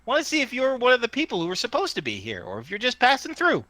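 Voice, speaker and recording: A man's voice: wildly swooping pitch, quick pace, sharp tone, dry recording, heavily acted. A man putting on a small tinny voice. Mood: coaxing. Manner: high tinny pleading voice.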